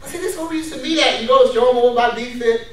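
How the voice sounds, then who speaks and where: A man preaching a lively sermon to a congregation, laughing often and calling out for responses. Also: very high voice, very fast, crowd noise. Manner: energetic, laughing, calls for responses. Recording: very echoey room from far off.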